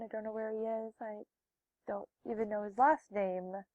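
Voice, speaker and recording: A young woman vlogger telling a personal story from her school days. She acts out the quoted people with loud, high bursts and turns soft and quiet when she gets wistful. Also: steady tone, moderate pace, no echo, dull audio.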